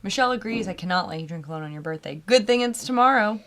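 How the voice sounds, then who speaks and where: A woman's voice: mid-range voice, animated, fairly quick, fairly bright tone. A woman co-hosting a whiskey livestream, teasing and upbeat, reading out viewer comments. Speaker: co-host of a whiskey tasting livestream.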